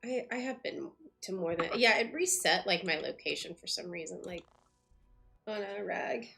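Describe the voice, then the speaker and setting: A woman's voice: on the low side, animated, normal speed, gravelly, bright, forceful tone, soft background music. A woman streaming a game, chatting casually and thinking aloud with lots of fillers. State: hiccups. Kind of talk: casual gameplay commentary.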